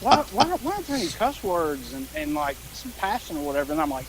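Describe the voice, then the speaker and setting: A man's voice: high voice, very animated, quick pace, over a noisy crowd, poor audio. A man, co-hosting a podcast and telling a rambling, laid-back story with fillers and swearing. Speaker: podcast co-host.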